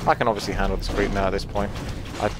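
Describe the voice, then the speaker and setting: Chatty Essex man commentating a game. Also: very fast. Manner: chatty, self-mocking, jumps in pitch when excited. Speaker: gameplay commentator. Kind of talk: casual live game commentary.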